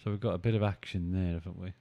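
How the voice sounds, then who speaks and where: A man's voice: low voice, fairly even intonation, very fast, gravelly, highs cut off. A man hosting a live stream, chatting casually, thinking aloud and bantering with his viewers as he goes. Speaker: live-stream trading host.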